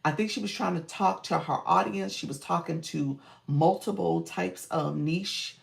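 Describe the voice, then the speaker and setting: Woman, live-stream coach, low and gravelly, chatty, greets viewers by name. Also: measured pace. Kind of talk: casual live-stream chat.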